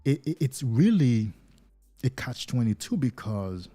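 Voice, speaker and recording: A man who is not a native English speaker, a life coach talking to viewers on a livestream in an animated way, acting out little scenes. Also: mid-range voice, measured pace, faint music behind.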